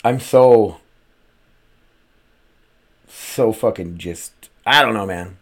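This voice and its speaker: A man's voice: fairly low pitch, extremely slow. A man hosting his own podcast, ranting casually with lots of swearing, rambling asides and rhetorical questions. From United States. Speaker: podcast host and streamer. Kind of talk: casual solo podcast rant.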